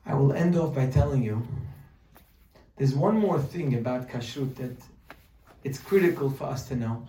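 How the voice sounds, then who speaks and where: A man's voice: medium pitch, expressive, normal speed, warm tone. A man teaching a religious class, telling a story with humorous asides and explaining Hebrew terms as he goes. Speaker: Torah teacher. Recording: roomy echo, voice from a distance.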